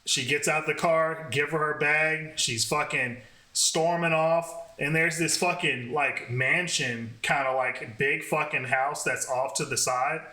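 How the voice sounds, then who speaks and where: A man telling a dating story in a casual, profane, animated way. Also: a little high. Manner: profane, animated, fast talking. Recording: roomy echo.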